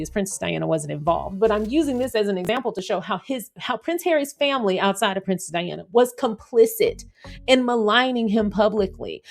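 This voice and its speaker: A woman hosting a casual commentary monologue, animated and sarcastic as she acts out scenarios. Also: a little high. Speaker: commentary channel host.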